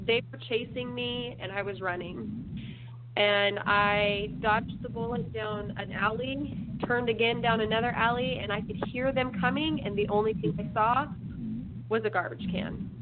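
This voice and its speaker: A woman speaks slowly over a tinny phone line as she tells her story as an interview guest. Her delivery is measured, with pauses between her thoughts. A faint hiss sits under her voice. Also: a little high, steady tone.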